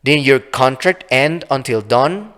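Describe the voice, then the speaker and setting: A man's voice: mid-range voice, animated, unhurried, a bit bright, voice pushed up. Male reader doing a frantic young woman who turns commanding; storybook reading with hall reverb. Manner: pleading, then commanding. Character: desperate young pregnant-believing woman, frightened and defiant. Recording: long reverb.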